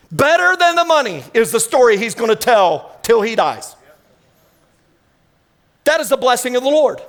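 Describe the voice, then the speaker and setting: A man, preaching an energetic sermon full of storytelling in a church. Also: extremely high pitch. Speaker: guest preacher. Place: church sanctuary.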